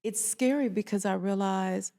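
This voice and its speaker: Gravelly-voiced woman therapist guest. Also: mid-range voice, moderate pace, warm tone. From Atlanta, Georgia. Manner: earnest, reflective, emotional storytelling. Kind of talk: casual interview chat.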